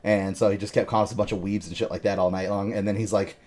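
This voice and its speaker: A man's voice: lowish voice, flat delivery, racing, a little mellow. A man hosting a podcast, telling long rambling gaming stories in casual chat and swearing constantly. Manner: rambling storytelling with heavy swearing. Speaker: podcast host. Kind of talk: casual chat about a video game.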